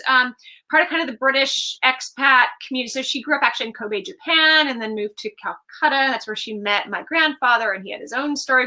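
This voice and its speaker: A woman with a high, bright voice talks about her novel over a video call. She rambles warmly through fillers and restarts, as if chatting with a friend. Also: poor audio. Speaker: author guest. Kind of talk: conversational book event on a video call.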